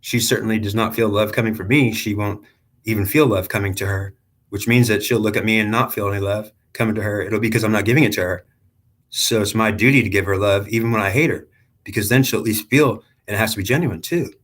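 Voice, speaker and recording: A proud ancient high priest, as a man puts him on, pleads his case in a low, husky voice. He sounds earnest and insistent, justifying himself at length. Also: fairly even intonation, fast talker, fairly bright tone. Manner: earnest, self-justifying first-person monologue.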